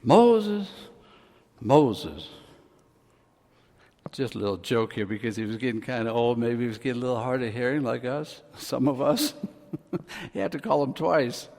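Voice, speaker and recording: In a reverberant church hall, a pastor with a gravelly, medium-pitched voice preaches fairly quickly. He keeps it folksy, kidding around with the congregation and swelling his voice to drive points home.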